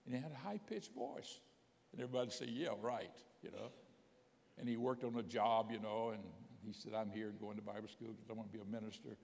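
A gravelly-voiced man preaching in a church that carries a long echo. He tells his stories in a quiet voice, then breaks into loud, rising proclamations. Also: lowish voice, brisk. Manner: storytelling preacher, swings from soft to loud exclamations. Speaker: bishop preaching. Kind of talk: sermon. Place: church sanctuary.

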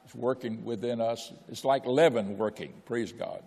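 A man's voice: medium pitch, moderate pace, a little mellow, slightly rough, in a large hall. An older man preaching a sermon, exhorting with repetition and telling folksy personal stories. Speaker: pastor.

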